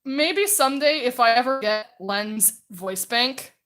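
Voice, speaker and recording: Bright, loud-voiced woman streamer. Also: fairly high pitch, expressive, unhurried. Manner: chatty, self-mocking, often laughing; naturally loud voice. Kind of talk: casual chat while drawing on stream.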